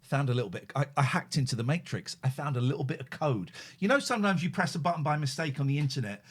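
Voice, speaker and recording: A man hosting a live stream, animated and sweary, easily wound up. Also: on the high side, quick pace, breathy edge. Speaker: host. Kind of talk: casual live-stream chat.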